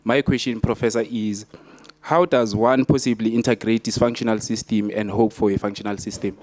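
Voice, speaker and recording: A young man in the audience asking a question at a book launch, soft-spoken and formal. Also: fairly low pitch, steady tone, brisk, no echo. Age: young adult.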